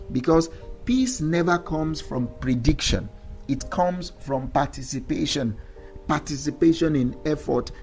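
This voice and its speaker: A man's voice: medium pitch, mellow. A man hosting a daily mindset podcast, giving an emphatic motivational talk that repeats its key lines and checks in with "all right?". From Africa. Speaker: mindset coach and podcast host.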